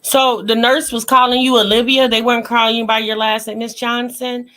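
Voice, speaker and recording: A woman hosting a reaction show, commenting with loud, teasing exclamations. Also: a little high, level tone, fairly quick.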